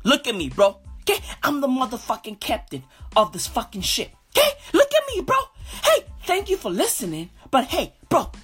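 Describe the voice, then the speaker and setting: Brief: husky, higher-pitched woman host doing a swaggering comedic podcast rant. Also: huge pitch swings, moderate pace, fairly bright tone, soft background music. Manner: brash, swaggering bro talk, calls everyone bro.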